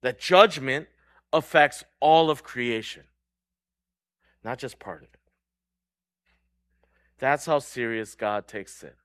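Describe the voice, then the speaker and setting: A man preaching a sermon in an earnest way, moving between loud stressed words and hushed low lines, and often asking his listeners "right?". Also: slow pace, pauses often, clear, resonant tone, no room sound. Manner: checks in with the crowd by asking "right?". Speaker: pastor.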